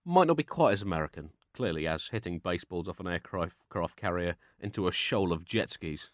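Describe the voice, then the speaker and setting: A man's voice: low voice, expressive, fairly quick, dry recording, clean studio sound. A man co-hosting a satirical comedy chat, with a mock-pompous, newsreader-style delivery. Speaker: comedy podcast co-host.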